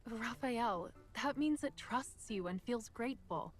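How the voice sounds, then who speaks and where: A gentle, teasing young heroine. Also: female voice, a little high, expressive, unhurried.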